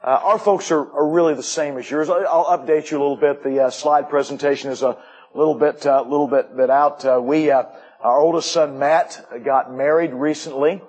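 A man's voice: fairly high pitch, steady tone, normal speed, a little mellow, husky, rough recording. A middle-aged man giving a missionary report to a church, folksy, with joking asides. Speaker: missionary preacher.

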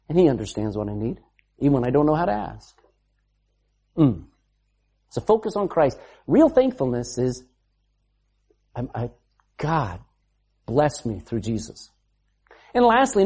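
A preacher in full sermon, with a mellow, husky voice that swoops from low murmurs to high exclamations. The delivery is emphatic, full of rhetorical questions thrown at the congregation and bits of quoted speech acted out in different voices.

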